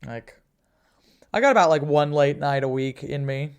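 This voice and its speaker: A man's voice: fairly high pitch, normal speed, clear, resonant tone. A man in his forties, co-hosting a podcast in casual, rambling chat with offhand swearing. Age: 40s. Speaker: podcast co-host.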